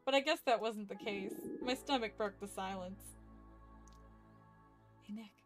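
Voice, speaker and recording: A woman's voice: medium pitch, measured pace, faint music behind. A woman streaming a horror visual novel, reading its text aloud and chatting with viewers, laughing often and swearing casually. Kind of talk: live game stream chat and reading aloud.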